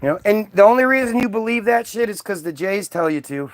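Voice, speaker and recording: A man's voice: sits high, expressive, fast talker, no room sound. A man delivering a profane, sarcastic ranting monologue, mocking as he goes. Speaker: vlogger.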